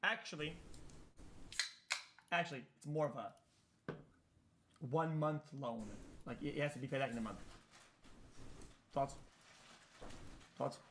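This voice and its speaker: A male streamer reacting to a clip in loose, rambling chat. His voice sits a little high, and he repeats words and restarts sentences as his thoughts run ahead. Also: normal speed, long pauses, a bit bright, a little hiss or hum.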